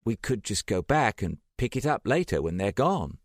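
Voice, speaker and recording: A man voicing a sharp-tongued young woman who mocks her friend with scathing retorts. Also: fairly low pitch, big pitch swings, moderate pace, dry recording, clean studio sound, voice pushed up. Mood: impatient.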